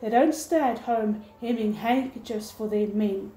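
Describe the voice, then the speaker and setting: A woman's voice: a little high, unhurried, dark tone, lightly acted. A woman reading aloud, voicing a harsh, contemptuous male soldier with a clipped, sneering delivery, in an echoey room. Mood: scornful.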